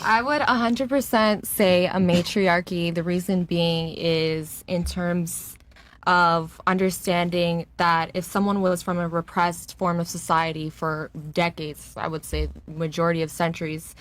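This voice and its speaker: A woman's voice: lowish voice, fairly even intonation. Earnest woman guest on a debate panel. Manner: earnest, halting. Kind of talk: debate talk.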